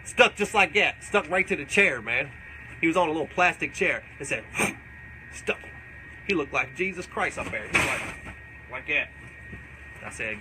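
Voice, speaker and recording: Brief: a man as a profane old backwoods guy, rambling and boastful, voice pitched a bit high and very bright. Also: a little hiss or hum, heavily acted, rough recording. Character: crude rambling older backwoods man, beer-loving. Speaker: comedic character. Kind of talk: live comedic Q&A in character.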